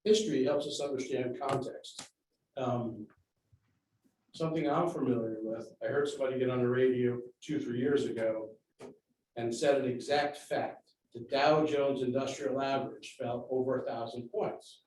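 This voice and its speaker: A man's voice: mid-range voice, steady tone, darkish tone. Guy lecturing the board with numbers, really echoey hall, faint hiss. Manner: measured, lecturing with facts and figures. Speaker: public commenter at a school board meeting. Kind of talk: public comment speech. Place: large meeting room. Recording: very echoey room, distant mic, faint noise.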